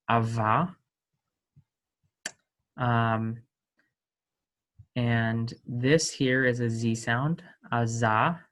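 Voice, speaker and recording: A man's voice: mid-range voice, fairly bright tone. A man teaching a language lesson off the cuff, hesitant and full of ums, stopping to correct himself and voicing sample sounds with emphasis. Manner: slow, hesitant, many ums and self-corrections.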